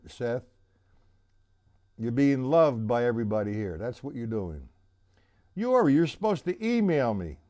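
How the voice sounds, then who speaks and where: A man teaching a live-streamed drum lesson, chatty and loose, counting beats aloud while he plays. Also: mid-range voice. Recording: loud drum kit playing behind voice. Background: drum kit playing.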